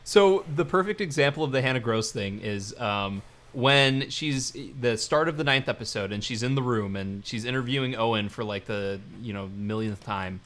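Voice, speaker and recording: A man's voice: medium pitch, moderate pace, a bit bright. Joking male podcast co-host. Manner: chatty, joking, retells scenes. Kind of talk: casual chat reviewing a TV series.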